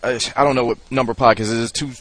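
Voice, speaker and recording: A man's voice: medium pitch, fairly even intonation, rapid-fire, a bit bright. A man hosting a podcast, asking loose, slangy questions in a laid-back way. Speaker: podcast host. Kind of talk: casual interview chat.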